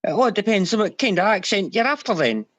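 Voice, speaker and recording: Playful woman, lively voice. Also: medium pitch, fairly quick, dry recording. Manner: playful, reads aloud with an exaggerated accent. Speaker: quiz participant.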